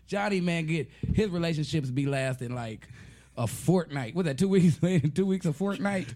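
A man's voice: fairly high pitch, expressive, normal speed, warm tone. Joking man hosting a casual talk show. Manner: joking, laughs often, slangy. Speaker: podcast host. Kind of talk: casual banter with friends.

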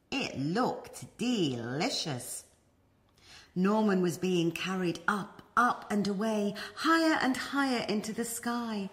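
A woman reading a children's story aloud as a storyteller, expressive and animated. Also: medium pitch.

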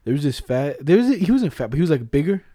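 A young man tells school stories in a loose, slangy way, laughing often. His voice is mellow and dark. The sound is dry and close. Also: a little high, sing-song, fast, no room sound. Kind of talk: casual chat.

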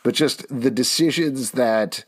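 A man co-hosting a podcast, giving an animated, opinionated recap of a TV episode with sarcastic asides. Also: mid-range voice, unhurried. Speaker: podcast co-host. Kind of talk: casual TV recap chat.

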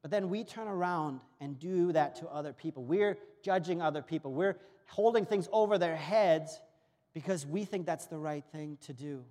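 A man's voice: on the high side, moderate pace, a little mellow. A man from Germany preaching a sermon in a church, telling a parable earnestly and acting out its dialogue. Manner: storytelling with acted-out dialogue, earnest. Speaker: pastor. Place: church auditorium. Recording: long reverb of a church hall.

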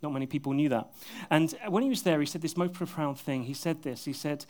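During a church service, a male pastor with a slightly high voice delivers an earnest sermon to his congregation at a brisk pace. He often drops into soft, intimate tones and adds a bit of self-deprecating humor.

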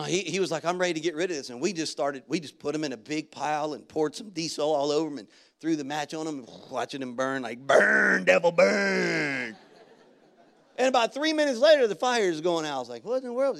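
A male pastor preaching a sermon, talking in a loose, conversational way and breaking into loud, excited shouts. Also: a little high, fast talker, hardly any pauses. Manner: animated preaching that jumps into loud shouted bursts; conversational storytelling with casual slang. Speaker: guest pastor.

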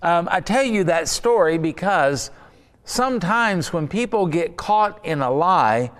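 A man delivering a sermon in a slightly higher, smooth and resonant voice. He teaches conversationally and drifts into personal anecdotes. The sound carries a long hall reverb.

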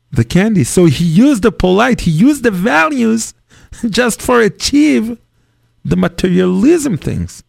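Gravelly rabbi teaching in slow earnest English. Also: male voice, high-pitched, no room sound, studio quality. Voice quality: non-native English grammar. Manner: earnest, acts out parent and child in dialogue. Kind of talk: Torah lecture on parenting.

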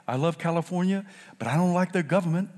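Older pastor guy from south carolina, preaching loud then quiet, bit high voice, big echoey hall. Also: fast. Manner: animated preaching, swinging from shouts to low asides. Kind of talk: sermon.

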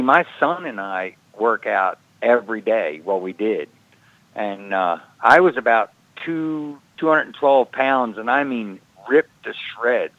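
A man's voice: fairly low pitch, dry recording, narrow, tinny audio. Plain-spoken man telling his story. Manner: repeats words often, drops "man" and "brother". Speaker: guest, retired wrestler. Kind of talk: casual storytelling.

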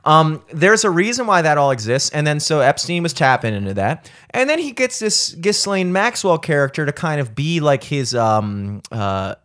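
A man's voice: fairly high pitch, big pitch swings, moderate pace, few pauses, fairly bright tone. Man, podcast co-host, casual, rambling, lots of "like" and swearing. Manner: rambling, profane, many fillers and restarts.

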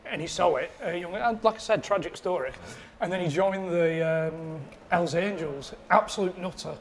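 A man's voice: sits high, moderate pace, slight background noise. A man, rambling through a self-mocking anecdote on a podcast. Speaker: podcast producer. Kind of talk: casual storytelling.

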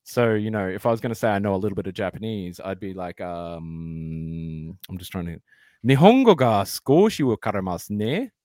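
A man's voice: sits low, flat delivery, brisk, darkish tone, dry recording, studio quality. A man with an Australian accent, a podcast guest rambling through casual explanations with plenty of fillers. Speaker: podcast guest, former band vocalist.

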